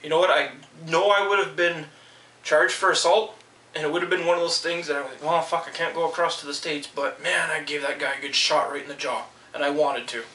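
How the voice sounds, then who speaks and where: A man's voice: on the high side, fairly even intonation, brisk, sharp tone, echoey room, recorded from a distance, slight background noise, poor audio. A man venting in a heated, swearing rant about being let go from his job. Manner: heated, swearing, quotes people in raised voices. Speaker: vlogger. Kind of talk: angry personal rant.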